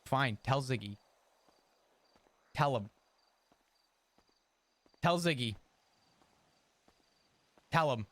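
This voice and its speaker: A man's voice: medium pitch, lively intonation, drawn-out words, long pauses, fairly bright tone, no room sound. A man streaming a roleplay game in character, chatting in a profane, ranting way and laughing often. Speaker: streamer role-playing his character.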